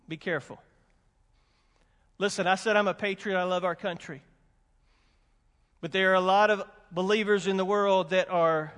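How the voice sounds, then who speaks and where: High-voiced pastor in a reverberant hall. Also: male voice, fairly bright tone. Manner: emphatic, repeats warnings, folksy asides. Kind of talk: sermon. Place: church sanctuary with congregation.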